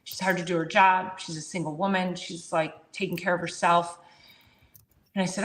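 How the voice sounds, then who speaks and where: A woman hosting a chiropractic talk show, telling a patient story in a casual, animated way and acting out both sides of the conversation. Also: lowish voice, fairly quick. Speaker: chiropractor and podcast host. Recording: roomy echo.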